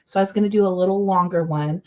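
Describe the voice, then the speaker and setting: A woman's voice: lowish voice, steady tone, quick pace, a little mellow. Chatty woman hosting a livestream. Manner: chatty, rambling, encouraging, with many fillers. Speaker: livestream host. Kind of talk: casual livestream chat. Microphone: webcam or computer mic, livestream.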